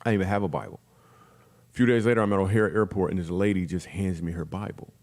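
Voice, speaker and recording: A middle-aged man talks fast in a slightly low voice, spinning a comic story as a podcast guest. He slips into quick voices for the people he quotes. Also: darkish tone. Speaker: guest comedian.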